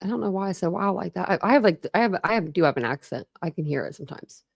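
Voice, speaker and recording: A woman's voice: lowish voice, lively intonation, quick pace, creaky, slightly rough, dry recording, clean studio sound. A woman hosting a true crime livestream, chatting casually with viewers and thanking them by name, with frequent ums, laughs and stretches of reading aloud.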